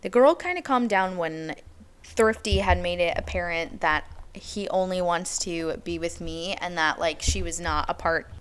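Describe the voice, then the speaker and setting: A woman's voice: fairly low pitch, measured pace, smooth. A young adult woman hosting a podcast, telling a personal story in a candid, casual way with lots of "like". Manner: candid, chatty, heavy use of "like". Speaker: podcast host.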